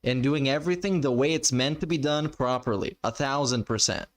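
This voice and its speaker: A man's voice: medium pitch, a little fast. A man reacting live to a clip with sarcastic, mocking, profanity-laden commentary. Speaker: reaction streamer.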